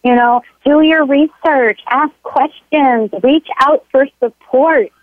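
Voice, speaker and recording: A woman's voice: high voice, slow, no room sound. A woman guest on an interview show telling a story in an earnest, motivational way. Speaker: guest, health coach. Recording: tinny dry phone line.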